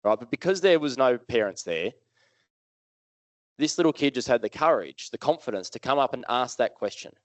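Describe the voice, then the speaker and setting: An Australian man speaks to a live audience in a smooth, resonant voice at an ordinary middle pitch. He tells his story in a casual, lively way and keeps turning questions back to the crowd. The sound is dry and close, with almost no room echo. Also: moderate pace. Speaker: motivational speaker. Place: live event hall with audience.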